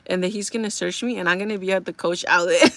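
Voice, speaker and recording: A woman's voice: on the low side, steady tone, quick pace, fairly bright tone, dry recording. A young adult woman vlogging in a casual chat, rambling through a story with lots of "like" and fillers.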